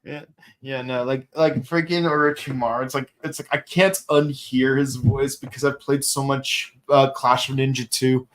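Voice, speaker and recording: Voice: medium pitch, steady tone, normal speed, a little hiss or hum. Rambling co-host of a fan review show. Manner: rambling, full of restarts and sung quotes. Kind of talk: casual fan review chat.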